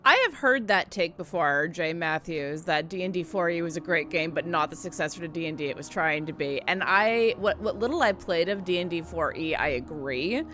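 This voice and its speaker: A woman's voice: on the low side, expressive, moderate pace, few pauses, a bit bright. A woman streamer giving casual gameplay commentary, with chatty, joking asides to her viewers. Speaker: game streamer.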